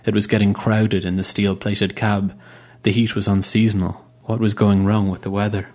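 A man reading a story aloud in a steady, even storytelling manner. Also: on the low side, moderate pace. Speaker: narrator. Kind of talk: scripted audiobook narration.

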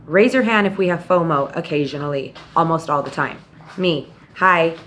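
In a low-sitting voice at a moderate pace, this podcast host delivers tough-love motivation straight to the listener. She often quotes people in lively put-on voices, and a little hiss or hum can be heard.

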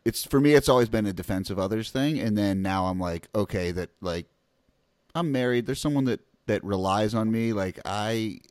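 A man's voice: fairly low pitch, normal speed, a little mellow, no echo, studio quality. A young adult man in casual chat, earnest and reflective.

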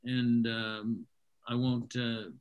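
A man's voice: mid-range voice, little pitch movement, very slow, poor audio. A man hosting a small comedy night, wrapping up with wry, self-deprecating jokes to a live audience. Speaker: comedy show host. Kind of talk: joking stage banter.

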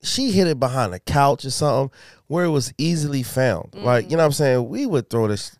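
A man, telling stories in a casual podcast chat, swearing and jumping high when he quotes himself. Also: brisk. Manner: animated, swearing, voice jumps high in quoted outbursts. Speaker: podcast co-host.

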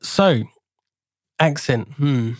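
A man in his thirties co-hosts a relaxed podcast in an easy, mid-pitched voice. He reads out a friend's list with quick jokey asides and laughs mid-sentence. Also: dry recording, clean studio sound. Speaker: podcast co-host. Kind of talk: casual chat, reading out a friend's picks.

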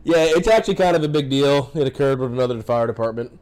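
A man's voice: medium pitch, quick pace, darkish tone. A firefighter paramedic man telling work stories in a casual interview, blunt and heavy on profanity.

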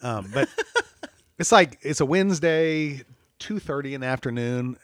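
A man telling a self-deprecating story in casual chat, animated and laughing often. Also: medium pitch, measured pace, no echo, studio quality. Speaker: church staff guest.

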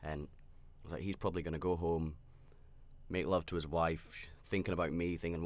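Brisk and low-voiced, with little pitch movement, the podcast host rambles through a personal story. He is candid, reflective, and self-aware, frequently restarting and using fillers.

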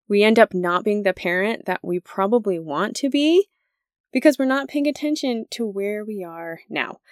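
A woman in her thirties talks through a parenting podcast in a loose, chatty way, laughing often as she goes. Her voice sits at a middling pitch. It is recorded close and dry, with no room sound behind it. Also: expressive, normal speed, no room sound. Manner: conversational, laughs often, acts out quoted lines. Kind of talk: casual podcast talk.

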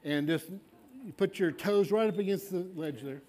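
A man's voice: high-pitched, normal speed, a little mellow. A man, a pastor, leading an altar call and fervent prayer in a coaxing, repetitive way. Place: church sanctuary.

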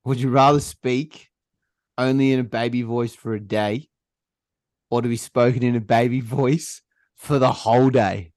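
A young Australian man hosting a casual podcast chat, laughing often and swearing freely in relaxed banter. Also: medium pitch, normal speed, no room sound, studio quality. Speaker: podcast host.

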